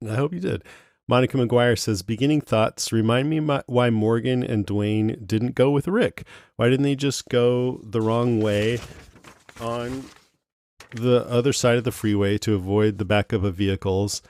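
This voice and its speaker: A man's voice: medium pitch, steady tone, a little slow, a little mellow, no room sound. A man co-hosting a podcast, reading listener comments aloud with wry jokes in casual chat. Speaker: podcast co-host.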